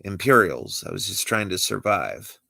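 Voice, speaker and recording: Casting: man reading a cautious furry cat-man stowaway, low gravelly voice, mumbled and dry. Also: big pitch swings, normal speed, bright, forceful tone, no echo, heavily acted. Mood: wary. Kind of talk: amateur script read-through.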